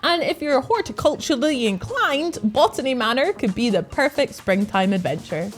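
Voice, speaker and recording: A woman co-hosting a gaming news show, reading scripted game news in an upbeat, lively way with easy laughs. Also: high voice, normal speed. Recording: faint music behind.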